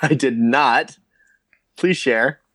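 A man's voice: medium pitch, slow, a bit bright, no echo. Male co-host, enthusiastic stat-quoter, close and dry recording. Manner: stat-quoting, enthusiastic, laughs easily. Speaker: podcast co-host. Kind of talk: casual sports podcast chat.

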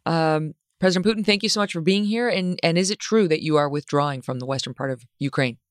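Wry woman host, smooth voice. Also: low voice, fast talker, no room sound, studio quality. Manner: wry, playful interviewing. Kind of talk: comic mock interview.

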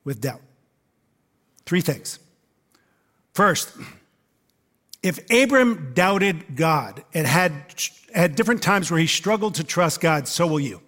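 A man preaching a sermon to his congregation in a relaxed, conversational way, with frequent "uh" fillers and asides to the listeners. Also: a little high, slow, long pauses. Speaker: pastor. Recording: long reverb of a large hall.

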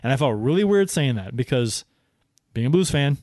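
A man chatting about hockey on a podcast in an excitable rush. He swears freely and keeps restarting his sentences. His voice sits at a middling pitch, recorded dry and close. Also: moderate pace, no echo. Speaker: podcast co-host. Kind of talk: casual sports chat.

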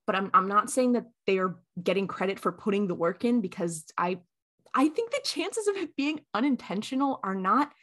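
Woman cohost on a fan podcast, rambly and chatty, lots of um and like, medium pitch. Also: expressive, moderate pace, a bit bright. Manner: chatty, thinks aloud with many fillers. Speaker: podcast co-host. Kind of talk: casual fan chat.

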